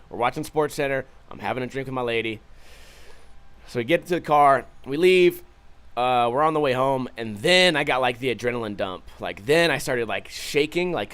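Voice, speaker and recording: A young man hosting a vlog, telling a story casually, profane and animated, acting out the other people's lines. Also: mid-range voice. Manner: profane, animated retelling with quoted voices. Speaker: vlog host.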